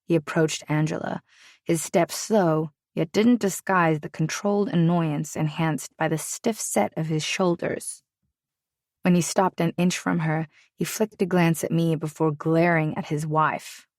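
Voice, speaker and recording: A woman narrating a romance audiobook in the first person, with steady, even storytelling. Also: low voice, unhurried, dry recording, studio quality.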